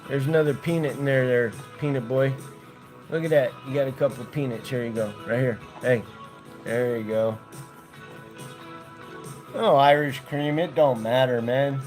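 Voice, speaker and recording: A man's voice: mid-range voice, normal speed, pauses often, darkish tone, faint music behind. An American man on a casual livestream, talking in a laid-back way to his dogs and to viewers in the chat. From United States. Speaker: vlogger.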